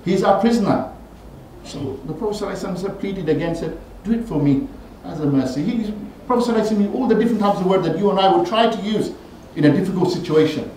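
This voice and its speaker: A man giving a Friday sermon in a mosque, telling stories animatedly and rising in pitch and force when he quotes people. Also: rapid-fire, dark tone, slight background noise. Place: mosque prayer hall. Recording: very echoey hall, voice from far off.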